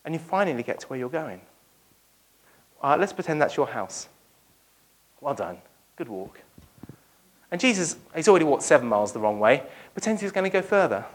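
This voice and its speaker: A preacher giving a lively sermon, retelling a Bible story and acting out its dialogue for the congregation. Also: medium pitch, moderate pace, long pauses. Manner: speaks directly to the congregation.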